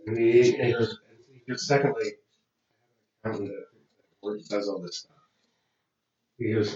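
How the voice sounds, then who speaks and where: A man's voice: fairly low pitch, normal speed, long pauses, a little hiss or hum. A man co-hosting a podcast, telling stories in casual chat and acting out the people in them. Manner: animated storyteller acting out quoted voices. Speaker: podcast co-host. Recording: echoey lo-fi room, distant from mic.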